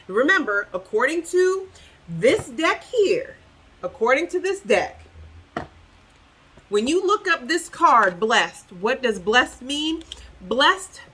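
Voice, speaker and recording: A woman with a fairly high, bright, forceful and slightly rough voice gives a tarot reading directly to the viewer, heard through poor audio. She's emphatic and preachy, repeats phrases for effect, and bursts into sassy, incredulous outbursts.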